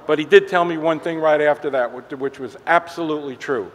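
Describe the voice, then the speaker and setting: A man's voice: a little high, brisk. A man who heads a transit agency, giving an earnest prepared speech introducing a governor at a press event. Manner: earnest and praising, with some restarts. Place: public event at a tunnel site. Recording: long reverb.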